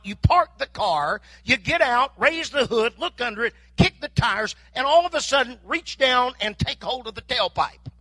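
A man's voice: extremely high pitch, pushed and bright, dry recording. An older man preaching a sermon, telling folksy stories and acting out bits of dialogue. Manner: folksy storytelling with mock dialogue. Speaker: pastor.

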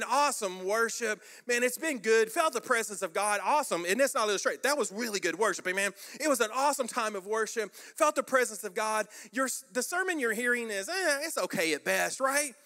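A man's voice: high-pitched, animated, fairly quick, hardly any pauses, pushed and bright. A man preaching a sermon as pastor, emphatic and rhetorical, repeating phrases for effect.

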